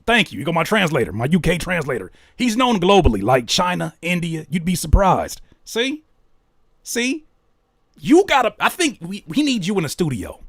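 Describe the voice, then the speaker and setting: Animated man reacting in a dry room. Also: moderate pace, vocal fry, husky, no echo. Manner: animated, incredulous asides, jumps high when baffled. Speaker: reaction video host. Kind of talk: casual reaction commentary.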